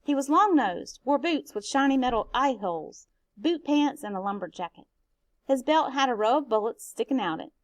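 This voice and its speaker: Teacher lady reading a novel out loud, steady, highish voice, dry. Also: moderate pace, dry recording.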